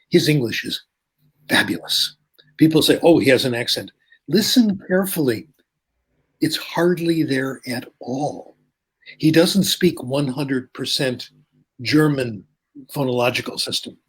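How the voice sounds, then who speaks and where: An older man with a slightly husky voice, speaking as a professor giving an interview. He explains at an even, reflective pace, tells small stories and keeps checking in with the listener. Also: mid-range voice, a little slow, pauses often. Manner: reflective, anecdotal, often checks in with "okay?". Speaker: linguistics professor as interview guest.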